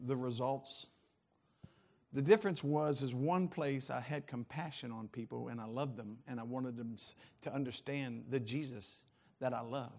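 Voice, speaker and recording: A male pastor preaching a sermon, animated, laughing often and swinging between loud calls and soft asides. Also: fairly high pitch.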